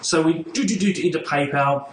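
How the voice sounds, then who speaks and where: A man's voice: a little high, brisk. A man hosting a podcast, telling a story casually and swearing freely. He acts out both sides of the conversation he recounts. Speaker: podcast host. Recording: roomy echo with faint noise.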